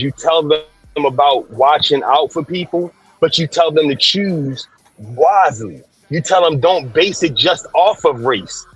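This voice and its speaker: Husky man pushing back calmly. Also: a little high, no echo, rough recording. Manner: measured, firm pushback. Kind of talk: casual debate chat.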